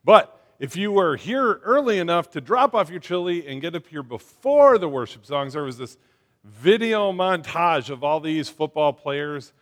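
A man giving a casual sermon to his congregation, talking conversationally with lots of fillers and getting them to shout back. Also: fairly high pitch, animated, normal speed. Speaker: church speaker.

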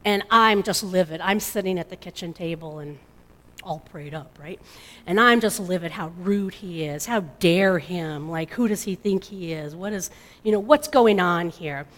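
A middle-aged mother giving an emotional personal testimony, halting and restarting often. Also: on the low side, fairly bright tone. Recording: long hall reverb.

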